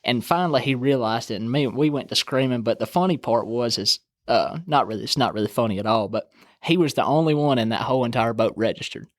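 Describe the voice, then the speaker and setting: A man's voice: mid-range voice, fast, no echo. Young male guest, easygoing storyteller who acts out the quotes, dry close mic. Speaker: guest angler telling a fishing story. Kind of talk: casual storytelling.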